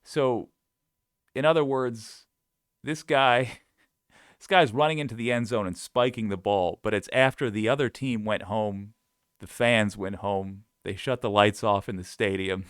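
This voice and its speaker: Man, political commentary host, sarcastic and scoffing, low smooth voice, dry close sound. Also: a little slow, fairly bright tone, no echo. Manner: sarcastic, scoffing, frequent laughs. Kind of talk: reading and mocking quotes, casual commentary.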